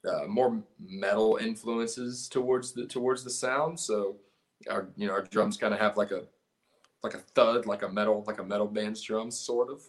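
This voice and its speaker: A man's voice: lowish voice, steady tone, moderate pace. A man from California with a Southern drawl, a punk band guitarist rambling and laughing in a casual podcast chat. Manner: rambling, profane, laughs often.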